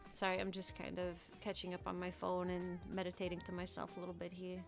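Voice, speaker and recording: A young woman livestreamer in casual chat, telling stories in a chatty, animated way and swearing freely. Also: on the low side, fast talker, gravelly, few pauses, faint music behind.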